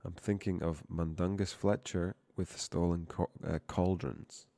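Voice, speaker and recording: A young man live-streams casually while coding, rambling, swearing, and often cutting himself off mid-word. His low-pitched voice is steady, warm, and measured in pace, in a dry recording.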